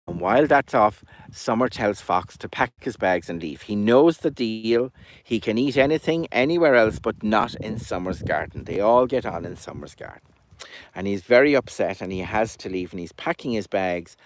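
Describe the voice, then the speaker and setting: A man's voice: lowish voice, animated, moderate pace, a little hiss or hum. A man telling a children's puppet story in a chatty, rambling way.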